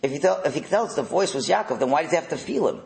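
A middle-aged man leading a religious text class, animated, firing rhetorical questions and repeating words. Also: a little high, quick pace, creaky, reverberant, poor audio. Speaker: religious teacher.

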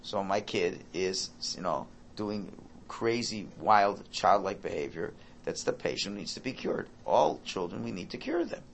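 A man giving an informal Torah talk, animated and acting out parent and child dialogue. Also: low voice, unhurried, vocal fry, a little hiss or hum.

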